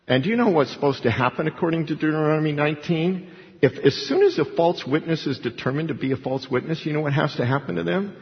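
Man, pastor; lively sermon delivery that acts out quoted voices; long hall reverb, muffled lo-fi sound. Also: fairly high pitch, quick pace. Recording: dull lo-fi recording with hall reverb.

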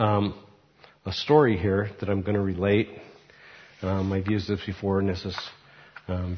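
Low-voiced male preacher, reflective, dull lo-fi sound. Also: long reverb tail. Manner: unhurried, reflective, with fillers. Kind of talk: sermon with a read-aloud story. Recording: muffled recording.

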